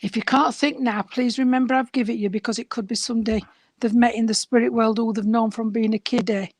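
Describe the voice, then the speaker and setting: A woman medium, her voice somewhat high and growing hoarse as she talks. She speaks warmly and familiarly, calling her listener sweetheart and darling. The sound is dry and close, with no room around it. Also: fairly even intonation, quick pace, no room sound. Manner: affectionate, addresses sitter as sweetheart and darling. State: voice going hoarse. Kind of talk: mediumship reading.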